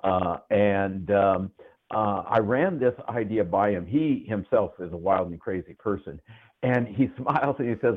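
A man's voice: fairly low pitch, unhurried. Older man on a tinny call line. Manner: relaxed, rambling with many fillers. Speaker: guest economist and writer. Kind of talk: casual interview talk.

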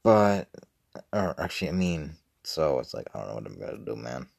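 A man's voice: a bass voice, sing-song, normal speed, creaky, a little mellow. A young man rambling casually and profanely on a livestream, with mumbled asides. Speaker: streamer.

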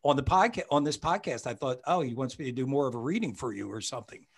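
A man's voice: medium pitch, expressive, fast talker, vocal fry, husky. A man hosting a podcast in casual conversation with a guest. He talks in a rambling, chatty way and often restarts his sentences. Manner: rambling, self-correcting, chatty. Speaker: podcast host and psychic medium.

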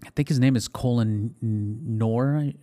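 A man's voice: medium pitch, takes it slowly, dark tone. Man, podcast host, loose conversational delivery, reads articles aloud with slips. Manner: chatty, reads articles aloud and stumbles on words. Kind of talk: casual podcast monologue.

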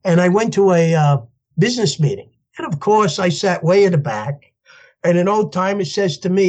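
An older man, a podcast guest telling his story in an animated way and laughing as he goes. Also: high voice, moderate pace. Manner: animated, laughs as he tells stories, acts out voices in quotes. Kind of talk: storytelling interview.

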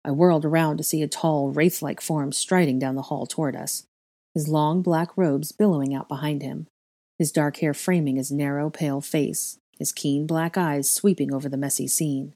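Low-voiced woman reading a story. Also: normal speed. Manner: expressive storytelling. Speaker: narrator. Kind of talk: fan fiction reading.

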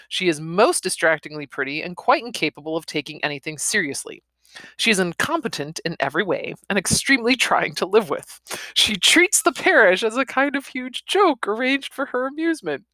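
A woman's voice: mid-range voice, a bit bright, dry recording. A woman reading a novel aloud and stopping for chatty, laughing comments. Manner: chatty, laughs between passages. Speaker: reader.

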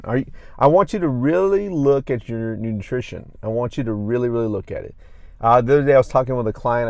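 A man's voice: medium pitch, a little mellow, no room sound. Emphatic male fitness coach, dry sound. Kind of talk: casual fitness tips monologue.

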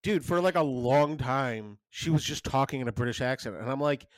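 A man's voice: mid-range voice, moderate pace, no room sound. Rambling man host, dry close sound. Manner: rambling, many restarts, animated storytelling. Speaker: podcast co-host. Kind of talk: casual chat.

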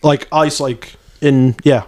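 A man in his twenties, a former Marine, telling profane, animated stories in casual chat. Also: medium pitch, takes it slowly, a little hiss or hum.

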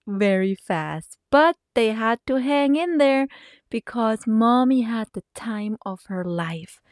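Slow, expressive woman podcaster telling a story. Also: fairly high pitch, no echo, clean studio sound. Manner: expressive, laughing, dips into hushed whispers. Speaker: podcast host.

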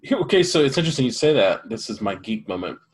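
A man in casual chat, animated and chatty, jumping in with questions. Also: medium pitch, fast talker, breathy edge.

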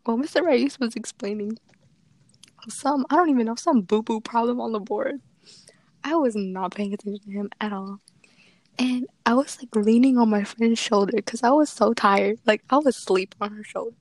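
A teenage girl chatting casually and telling a story, animated and giggly, laughing often. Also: on the high side, moderate pace, no echo. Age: teens. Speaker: podcast co-host.

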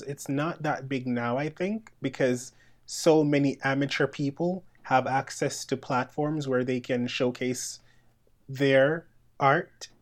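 A man co-hosting a podcast from Canada, chatting casually and animatedly, often laughing and acting out quoted voices. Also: medium pitch. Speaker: podcast co-host. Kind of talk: casual chat.

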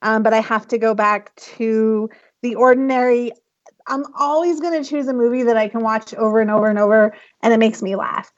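A woman argues her picks on a casual podcast, lively and emphatic with an easy laugh. Her slightly high voice sounds dull and lo-fi through the call. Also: fairly quick. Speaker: podcast panelist.

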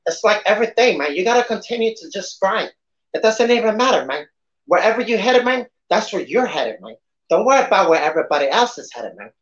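Man doing a swaggering movie gangster, higher-pitched than his own voice, slight lisp, tacks "man" onto every phrase, dull lo-fi sound. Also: sing-song, a little fast, reverberant. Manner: says "man" after nearly every phrase. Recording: dull lo-fi podcast audio.

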